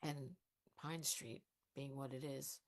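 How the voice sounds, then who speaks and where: A woman's voice: very deep voice, steady tone, slow, creaky, heavily acted. A woman performing live improv, playing a cautious older activist who muses hesitantly and pokes wry holes in the plans. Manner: dry, hesitant, mildly skeptical.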